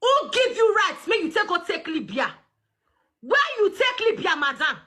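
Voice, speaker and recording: A woman with a Nigerian Pidgin accent hosting a casual livestream, loud and mocking, often laughing and shouting. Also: extremely high pitch, sing-song, normal speed. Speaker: livestream host.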